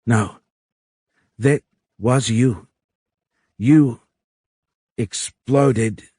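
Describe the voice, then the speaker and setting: A man's voice: mid-range voice, extremely slow, dark tone, husky, no room sound, clean studio sound, pitched above the performer's own voice. A man voicing an alien being in a woman's form, who speaks in broken, mechanical sing-song phrases with a strange foreign lilt. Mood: halting, earnest.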